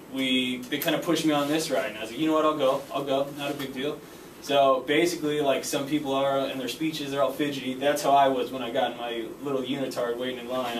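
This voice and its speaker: A young man giving a casual personal speech, full of fillers like "uh" and "pretty much". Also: medium pitch. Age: young adult. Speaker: speaker giving a class speech. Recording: roomy echo, from far off, faint background noise.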